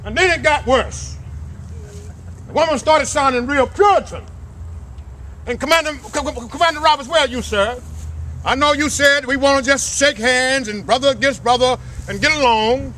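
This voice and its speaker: A man's voice: very high voice, moderate pace, bright, forceful tone, slight background noise. A man giving an impassioned outdoor speech at a ceremony, preacher-like, calling for amens. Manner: preacher-like call and response. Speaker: speaker at a flag ceremony.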